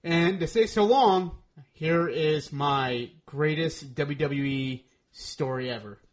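An upbeat male podcast co-host with a slightly high voice. He talks in a loose, casual way, warmly thanking people. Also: takes it slowly, over a noisy crowd. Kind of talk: casual chat.

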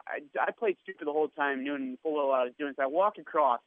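A man's voice: on the high side, fast talker. A man guest telling a story in a casual chat, acting out the lines of people he met. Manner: animated storyteller, acts out quotes. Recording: tinny phone line.

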